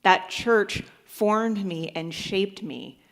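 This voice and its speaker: A woman's voice: medium pitch, very slow. A woman pastor giving a sermon, telling a joke with acted-out voices and then preaching. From United States. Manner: storytelling, acts out voices in a joke.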